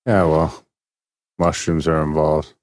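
A man's voice: very deep voice, little pitch movement, slow pace, darkish tone, no room sound. A man co-hosting a podcast in casual banter, blunt and swearing freely with joking asides. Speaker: podcast co-host.

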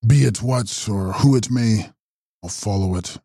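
A man reading an audiobook voices a brave, forceful gentleman who chases a monster, speaking low and urgently. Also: a little slow, no echo, studio quality. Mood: determined. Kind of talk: audiobook character voice.

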